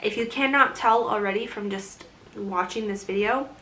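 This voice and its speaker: A young vlogger with a medium-pitched, bright, forceful voice gives a casual pregnancy update at a moderate pace, with a slight hiss or hum in the audio. She rambles, laughs often, and sounds short of breath while talking.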